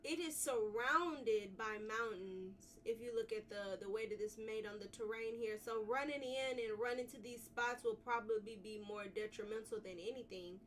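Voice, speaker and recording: A woman's voice: a little high, moderate pace, few pauses, recorded from a distance, slight background noise. A woman live-streaming a video game, chatting casually and bubbly, repeating her phrases as she greets viewers. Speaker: livestreamer.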